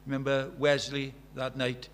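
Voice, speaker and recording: A sixties-aged preacher with a mid-range, fairly bright voice speaks at normal speed with a completely flat delivery. Even so, his earnest sermon includes storytelling asides and builds to fervent emphasis, over a faint hum.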